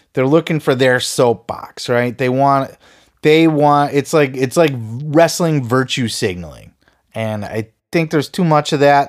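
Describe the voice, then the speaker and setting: A man's voice: mid-range voice, smooth. A man hosting a podcast, ranting heatedly with lots of swearing and sarcastic put-downs of his listeners. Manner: profane, heated, sarcastic mocking. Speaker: podcast host.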